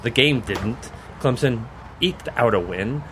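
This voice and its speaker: A man's voice: medium pitch, lively intonation, slow pace, a bit bright, a little hiss or hum. A man hosting a college football podcast, chatting casually in a joking, rambling way and laughing often. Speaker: podcast host. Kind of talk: casual sports chat.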